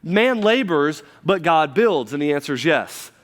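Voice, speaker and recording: A man in his thirties preaching a sermon to his church, conversational, with quick asides and frequent restarts. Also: fairly high pitch, very animated, a bit bright. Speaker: pastor. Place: church sanctuary. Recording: long hall reverb from a church.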